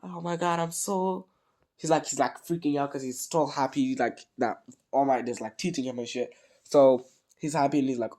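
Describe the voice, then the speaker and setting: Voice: medium pitch, moderate pace, darkish tone. A speaker with a cold rambling through a casual fan story, self-correcting often. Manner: rambling, many fillers and restarts. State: sick with a cold.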